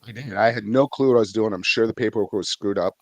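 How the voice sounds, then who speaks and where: A man's voice: lowish voice, fast, no room sound. A middle-aged man from Vermont, a real estate investor guest, telling his story in a rambling way with many fillers. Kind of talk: casual storytelling interview.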